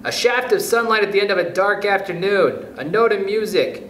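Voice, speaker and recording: A man's voice: high-pitched, normal speed, a bit bright, pitched above the performer's own voice. A man voicing an eager, earnest young schoolboy in a storybook reading. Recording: roomy echo, faint noise.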